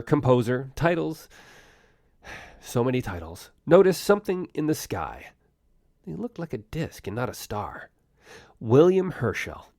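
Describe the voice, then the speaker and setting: A man narrates science history for his own podcast. He talks in a relaxed, conversational way, throws in wry jokes and quick asides, and his pitch rises and falls a lot. The recording is dry and close, with no room sound. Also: dry recording. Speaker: podcast host.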